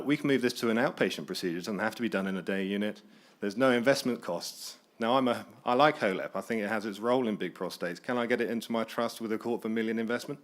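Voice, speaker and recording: A man surgeon making an energetic, persuasive case in a conference debate. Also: lowish voice. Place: conference hall.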